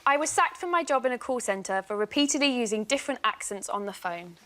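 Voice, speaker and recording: A woman's voice: on the high side, lively intonation, fast, bright, forceful tone, a little hiss or hum. A woman telling an amused anecdote as a panel show guest. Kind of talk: casual anecdote. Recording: TV studio with audience laughter.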